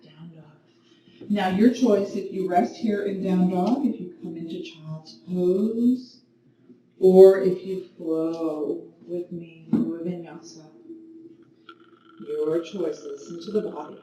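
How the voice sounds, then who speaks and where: A woman yoga teacher talks a class through poses, weaving a story between calm, gentle cues. Her voice is mellow and dark, and she takes her time. The recording is very roomy and picked up from a distance. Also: lowish voice, slow. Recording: very echoey room, mic at a distance, faint noise.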